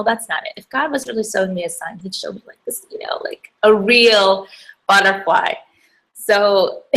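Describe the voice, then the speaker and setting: A young woman who founded a hijab brand gives a faith talk to camera, telling a personal story in a chatty, emotional way with lots of fillers. Her voice is mid-range and a bit bright.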